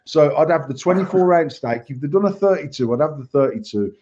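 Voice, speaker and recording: A man's voice: on the high side, animated, brisk, a little mellow, slight background noise. A man, hosting a live chat show and telling a worked-up, sweary rant. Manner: ranting, heavy swearing, worked-up. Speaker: podcast host. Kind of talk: casual live-stream chat, storytelling. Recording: slightly muffled lo-fi stream audio.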